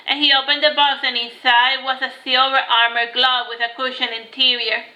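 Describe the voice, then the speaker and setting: High, bright-voiced woman reading a novel. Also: level tone, moderate pace, poor audio. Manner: occasional restarts and small slips. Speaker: audiobook reader.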